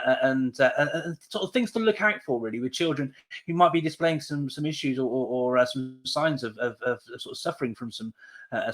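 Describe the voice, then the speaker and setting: Man asking a halting question. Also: medium pitch, a bit bright. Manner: hesitant, many fillers and restarts. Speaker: podcast host. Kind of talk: interview question.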